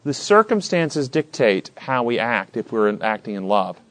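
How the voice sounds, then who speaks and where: A man's voice: mid-range voice, normal speed. A man teaching a Bible study class, asking many questions and acting out the scenes he describes. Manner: questioning, animated, acts out scenes.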